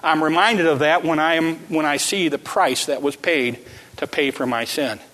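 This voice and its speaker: A man preaching a sermon, repeating his phrases with emphasis and swinging from quiet lines to shouts. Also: a little high, moderate pace, long reverb tail.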